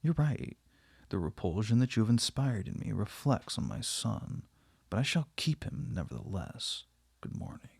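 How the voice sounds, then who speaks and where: A man's voice: on the low side, huge pitch swings, moderate pace, gravelly, darkish tone, husky, dry recording, studio quality, full character voice. A man reading the part of a cold, stern middle-aged husband who speaks severely and with heavy emphasis. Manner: severe, emphatic, stammering when upset.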